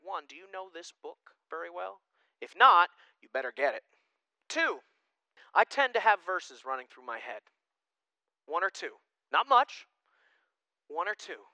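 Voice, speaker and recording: A male pastor preaching a sermon in a casual, animated way, swinging from loud emphasis to hushed asides. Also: on the high side, moderate pace, no room sound, low-quality recording.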